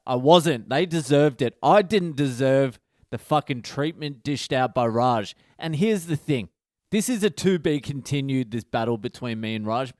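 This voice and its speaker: A middle-aged man hosts his own comedy podcast, barrelling through a story with constant swearing and gleeful exaggeration. His voice sits at an ordinary male pitch and sounds dry, with no room echo. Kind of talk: profane comic storytelling monologue.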